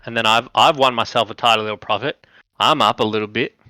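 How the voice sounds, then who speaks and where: A man's voice: mid-range voice, fast talker, sharp tone, dry recording, poor audio. A man playing a tabletop game, talking in a breezy way and slipping into his character's voice. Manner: breezy, slips into a cheery bookie voice for his character. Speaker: player.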